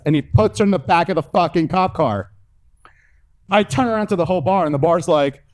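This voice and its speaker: A young man from Mexico performs stand-up, telling lively stories from a stage. His voice sits fairly high for a man. He leaps up in pitch whenever he acts out the people in his tales. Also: fast talker. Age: young adult. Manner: animated storytelling, acting out others' voices with big pitch jumps. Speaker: stand-up comedian. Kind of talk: stand-up comedy set. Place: comedy stage before a live audience.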